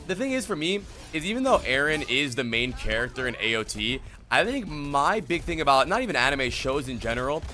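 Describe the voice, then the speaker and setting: Young man, streamer, from New Jersey, slangy, rambling, bright edgy tone. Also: medium pitch, a little hiss or hum. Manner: rambling, slangy, answers chat. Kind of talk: casual chat with viewers.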